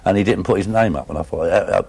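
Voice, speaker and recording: A man's voice: low voice, fast talker, creaky, darkish tone, breathy edge. A man with a London Cockney accent, telling rambling stories in casual chat, often adding "you know what I mean". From England. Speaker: former darts player telling stories.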